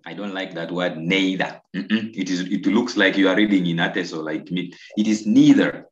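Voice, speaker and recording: A Ugandan man teaching an online English lesson, slow and coaxing, repeating answers and praising his pupils. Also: low-pitched, steady tone. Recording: roomy, dull lo-fi video call audio.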